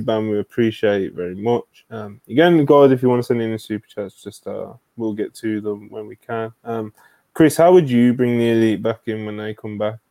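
A man's voice: lowish voice, creaky, mellow, no room sound. A man hosting a casual wrestling podcast, talking loosely with lots of filler words and reading out viewer messages over a video call. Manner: laid-back, trailing filler words, reads out super chats. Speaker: podcast host.

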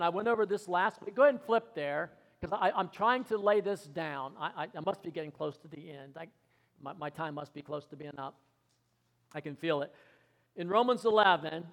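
A male pastor with a notably high voice preaches in a church hall, and his words ring out with a long reverb. He calls out questions for the congregation to answer and swings from soft, murmured asides to loud declarations. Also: gravelly. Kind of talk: sermon. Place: church sanctuary.

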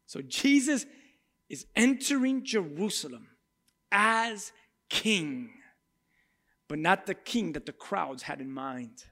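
A man preaching a sermon with passion, swinging from loud cries to hushed tones and acting out crowd voices. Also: high-pitched, lively intonation, slow pace, long pauses. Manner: acts out crowd cries and speaks in Jesus' voice.

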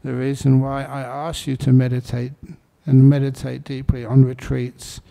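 A man giving a dharma talk as a meditation teacher, telling stories in a relaxed, anecdotal way. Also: medium pitch, moderate pace, vocal fry.

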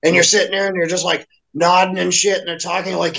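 Man, high voice, gravelly fry, exasperated, profane rants. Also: steady tone, a little fast, hardly any pauses, bright, forceful tone. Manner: profane, exasperated ranting storyteller. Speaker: guest. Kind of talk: casual chat.

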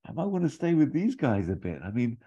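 A man voicing a smug, carefree teenage boy who has gone goblin prince, in a high airy put-on voice. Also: sing-song, brisk, warm tone, husky, highs cut off.

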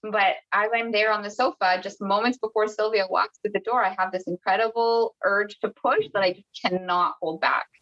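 Woman, from Canada, podcast guest, casual storytelling, middle pitch, chatty with restarts, dull lo-fi sound. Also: steady tone, normal speed, few pauses, fairly bright tone. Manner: chatty, many restarts and quoted dialogue.

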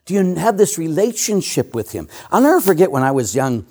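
Animated priest with a lively voice. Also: male voice, fairly high pitch, fairly quick, breathy edge. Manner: animated storytelling, laughs at himself. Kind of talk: sermon.

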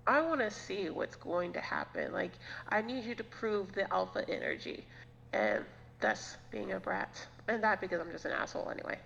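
A woman with a bright, gravelly voice, chatting casually on a podcast. She is sassy and blunt and swears freely. The recording is dull and echoey, with a faint hiss behind her. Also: mid-range voice, animated, fairly quick. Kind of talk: casual chat.

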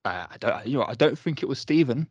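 A man co-hosts a casual review chat, backing up his partner with short replies and easy agreement. His voice sits at an ordinary pitch. The sound is close and dry. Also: lively intonation, quick pace, husky, no echo, muffled recording. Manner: agreeable, short affirmations, laughs easily. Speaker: podcast co-host.

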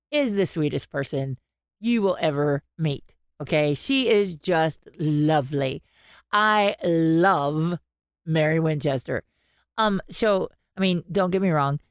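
A woman, co-hosting a podcast and telling a story in an animated way, quoting people as she goes. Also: deep voice, a little slow, clean tone, no room sound, clean studio sound. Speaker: podcast co-host. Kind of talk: casual chat.

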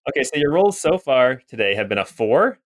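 A man's voice: mid-range voice, big pitch swings, a little fast. A man running a tabletop role-playing game, describing scenes with small hesitations. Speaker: game master.

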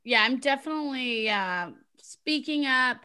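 A middle-aged woman casually telling a personal story to a group, animated and acting out the voices of the people in it. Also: sits high, a little slow, smooth. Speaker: group participant sharing a story.

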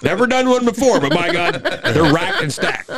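A man's voice: high voice, sing-song, normal speed, a loud crowd. A man in casual podcast chat, crude and joking.

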